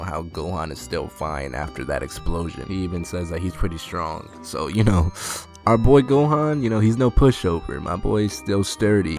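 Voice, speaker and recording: A man's voice: sits low, a little mellow. A man recapping an anime episode in a casual, slangy way, laughing often as he goes.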